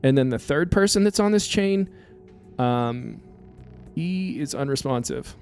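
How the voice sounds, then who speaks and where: A man narrating as game master of a tabletop game, halting with many fillers. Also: a little high, animated, darkish tone, soft background music.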